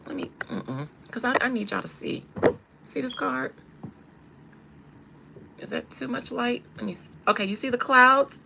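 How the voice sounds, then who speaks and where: A woman's voice: a little high, unhurried, gravelly, long pauses, pushed and bright, slight background noise. A woman doing a casual livestream tarot reading, chatty and emphatic, repeating her points for viewers. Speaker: tarot reader and gossip host.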